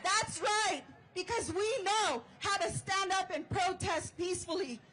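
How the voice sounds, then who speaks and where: A woman giving a fired-up speech at an outdoor protest rally, shouting chants and leading call-and-response. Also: very high voice, a little slow, poor audio. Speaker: rally speaker and organizer.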